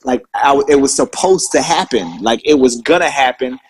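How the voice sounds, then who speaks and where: A man's voice: medium pitch, lively intonation, normal speed, poor audio. A man telling old service stories in casual, profane chat, swearing constantly and sounding indignant. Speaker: Marine veteran telling stories.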